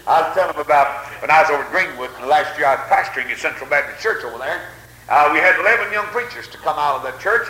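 An older preacher delivers a revival sermon with folksy stories and fervent amens. His voice is fairly high for a man and very bright and forceful. The church around him rings with echo. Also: a little hiss or hum.

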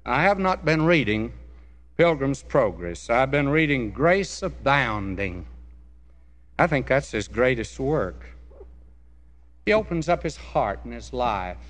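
A male preacher giving a sermon in a church, slow and deliberate, rising in force when he quotes scripture. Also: medium pitch, very animated. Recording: long hall reverb.

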